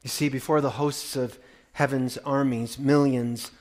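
A man and parent preaching a sermon, swinging from loud proclaiming to hushed wonder, with wry, playful storytelling. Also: medium pitch, fairly even intonation, a little slow. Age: adult parent. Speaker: pastor.

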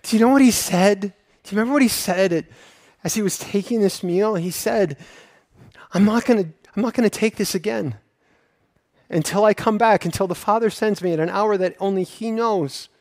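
A man preaching a sermon as pastor, earnest and emotional, swinging from hushed confession to excited exclaiming and repeating words when moved. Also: high-pitched, moderate pace, no room sound.

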